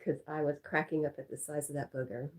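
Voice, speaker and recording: A congested woman hosting a casual livestream, chatting and reading viewer comments aloud, often dropping to a soft whisper. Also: low-pitched, flat delivery, fast talker. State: congested from allergies. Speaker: livestream host.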